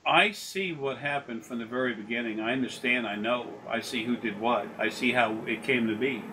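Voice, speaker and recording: At a moderate pace, a man with a mid-range voice speaks in a bright, forceful tone, sharing rambling, profane anecdotes on a recorded consultation. Laughter comes often, and he acts out the people he quotes during this casual storytelling. Faint background noise is audible through the distant mic.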